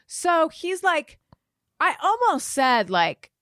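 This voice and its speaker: Animated woman telling a story. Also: medium pitch, moderate pace, no echo, studio quality. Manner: animated storytelling, acts out quotes loudly. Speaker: podcast co-host. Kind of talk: casual chat.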